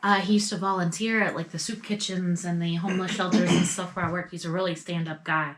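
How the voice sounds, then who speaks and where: A woman takes part in a tabletop role-playing game, talking casually and a little tentatively, as if thinking aloud. Her voice sits fairly low for a woman. The sound carries an echoey room. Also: steady tone, quick pace, fairly bright tone, slight background noise. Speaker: player.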